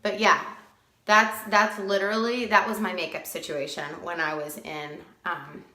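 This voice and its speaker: A woman's voice: lowish voice, little pitch movement, normal speed, pushed and bright, reverberant. A chatty woman giving a casual live makeup tutorial at home, greeting viewers by name as she works. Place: at home, with dogs nearby.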